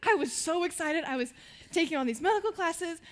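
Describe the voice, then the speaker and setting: A woman's voice: extremely high pitch, animated, a little fast. Bubbly teenage girl telling stories on stage. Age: teens. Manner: bubbly storytelling, laughs between lines. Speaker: student speaker on stage. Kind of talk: stage talk to an audience. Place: stage before a live audience.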